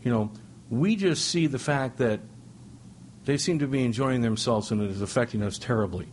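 Animated man telling funny stories at a meeting. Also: moderate pace, a little hiss or hum. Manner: animated, joking, with sudden high-pitched exclamations. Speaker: speaker at a recovery meeting. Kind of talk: humorous storytelling share. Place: speaking before a meeting audience.

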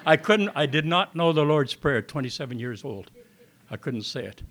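Older man telling his story, somewhat high voice. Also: animated, moderate pace, a bit bright. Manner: plain folksy storytelling, acts out dialogue. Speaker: recovery meeting speaker. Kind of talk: personal testimony to an audience. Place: meeting hall.

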